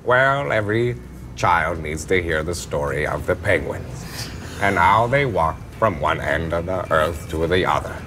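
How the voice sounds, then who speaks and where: A comedian doing a slow, measured narrator impression. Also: male voice, sits low, animated. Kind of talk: comic impressions. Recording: noisy background.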